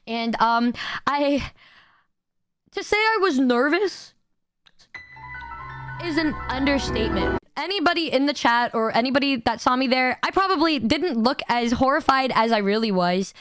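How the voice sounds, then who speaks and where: A young woman streamer telling a story to her chat in a rambling, excitable way, swearing freely and laughing often. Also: high voice, normal speed, clear, resonant tone, soft background music. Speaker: VTuber streamer.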